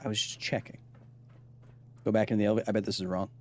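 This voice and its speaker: A man's voice: fairly low pitch, little pitch movement, fast, a little hiss or hum. A man doing live gameplay commentary as a science streamer, reacting to the game and reading chat aloud.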